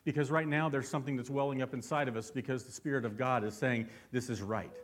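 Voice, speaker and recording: A man's voice: mid-range voice, fairly even intonation, fast. A man preaching a sermon as pastor, fervent and constantly asking his congregation questions.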